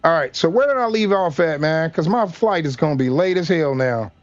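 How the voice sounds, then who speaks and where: Profane high-voiced man streaming at home. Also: expressive, a little fast, highs cut off. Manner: profane, loose, talks to family off-mic while streaming. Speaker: flight sim streamer. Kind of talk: casual livestream chat. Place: home gaming room.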